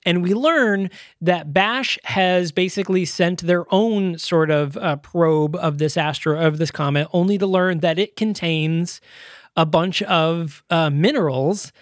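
A man co-hosting a casual movie review chat, retelling scenes in an animated way. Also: sits high, no echo, studio quality. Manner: animated retelling, slipping into quick impressions. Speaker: podcast co-host.

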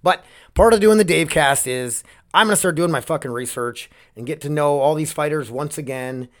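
A man's voice: on the high side, fairly quick. A man hosting his own solo podcast, talking casually in a rambling, candid way and swearing often, close on the mic. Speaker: podcast host.

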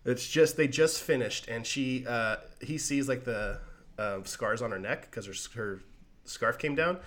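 A man co-hosting a casual podcast, excitedly retelling a comic plot in a rambling, profane way full of "like". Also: medium pitch. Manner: rambling, profane, heavy use of "like". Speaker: podcast co-host.

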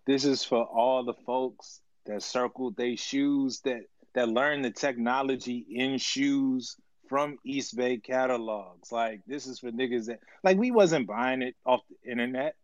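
A man co-hosting a casual live audio chat, animated and quick to laugh while trading playful jabs. His voice sits in a middle pitch and sounds dry and a little dull, like lo-fi stream audio. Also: no echo. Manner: animated, laughs often, playful trash talk. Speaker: podcast co-host.

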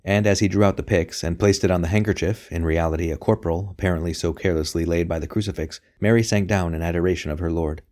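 A man narrating a novel as an audiobook reader, in a steady, even delivery. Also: sits low, fast talker, hardly any pauses. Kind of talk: scripted narration.

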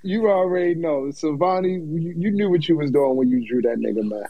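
A man's voice: fairly high pitch, expressive, fairly quick, dull audio, a little hiss or hum. A man co-hosting a casual chat, teasing and playful, laughing a lot.

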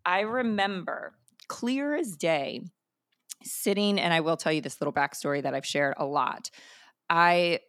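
Low-voiced woman telling her story. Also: a little slow, dry recording, clean studio sound. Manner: energetic, emphatic, many fillers. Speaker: podcast host and coach. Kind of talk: personal storytelling monologue.

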